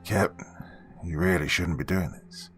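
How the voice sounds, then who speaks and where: A man voicing a stern, disapproving older male pastor who speaks in low, grave warnings. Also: a little slow, soft background music.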